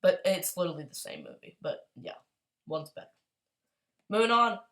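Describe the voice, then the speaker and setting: A woman chatting casually as a YouTuber, gushing and excitable, rambling along with quick apologies. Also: fairly low pitch. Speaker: YouTuber ranking movies. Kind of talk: casual tier-list chat.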